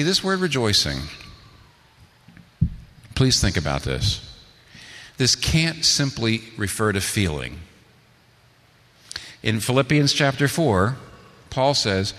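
A man's voice: mid-range voice, fairly bright tone, big-room sound. A man preaching a sermon, asking rhetorical questions and building to emphatic peaks. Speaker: pastor.

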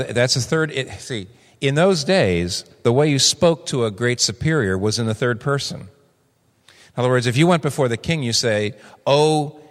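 A man in his sixties preaching a sermon, animated and acting out the voices he quotes. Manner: animated, acts out quoted voices with big pitch jumps. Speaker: pastor. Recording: long reverb of a large hall.

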